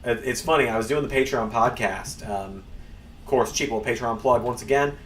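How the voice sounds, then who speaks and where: Streaming his gameplay, a man offers casual, meandering commentary in a mid-range, slightly bright voice at a fairly quick clip. He's far from the mic, with room echo and faint hum in the recording.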